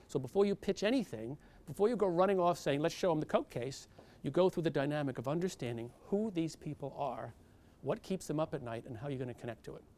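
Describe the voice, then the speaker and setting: An older man speaks to a live audience about winning business, and he tells stories as he goes. He slips into the voices of the people in his stories. His pitch sits fairly high and rises and falls widely. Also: a little mellow. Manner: storytelling, acts out quoted people, big pitch swings. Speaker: keynote speaker. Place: event venue with audience.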